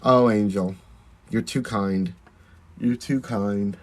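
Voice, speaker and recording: Applying makeup during a casual phone live stream, a man who performs in drag reads viewers' comments aloud, answers them and offers thanks. He speaks slowly in a lowish voice with fairly even intonation.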